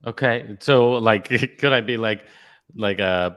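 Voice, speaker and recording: A man's voice: lowish voice, slow pace, fairly bright tone, clear, resonant tone. A man hosting a casual chat, upbeat, laughing readily and giving short agreeing replies.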